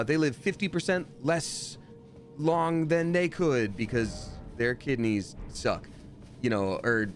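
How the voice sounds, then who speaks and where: Young guy streaming a game and talking to chat, super animated voice, yelps when stuff goes wrong. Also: mid-range voice, slight background noise. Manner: chatty, jumps to loud surprised outbursts. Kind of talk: live gameplay commentary and chat reading.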